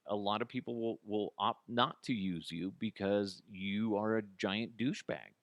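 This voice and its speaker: A man's voice: on the low side, fairly bright tone, dry recording. A man hosting his own podcast, ranting in a blunt, mocking way with lots of restarts. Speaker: podcast host. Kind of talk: casual solo podcast rant.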